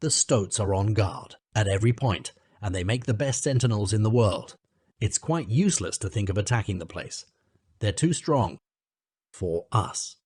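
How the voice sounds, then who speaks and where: A man's voice: fairly low pitch, lively intonation, moderate pace, a little mellow, husky, dry recording, studio quality. Man doing a stern old badger. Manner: severe and grave.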